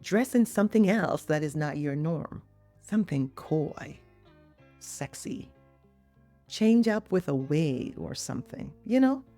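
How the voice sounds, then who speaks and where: A woman's voice: deep voice, lively intonation, measured pace, mellow, soft background music. A middle-aged woman hosting a podcast, chatting in a playful way with teasing asides to the listener. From Jamaica. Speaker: podcast host and physician.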